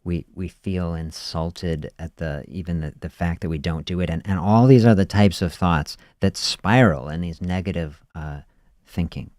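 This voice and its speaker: A man's voice: deep voice, moderate pace, a little mellow, no room sound, studio quality. A man hosting a podcast, musing in a reflective spoken monologue and often adding "you know" and "see". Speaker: podcast host.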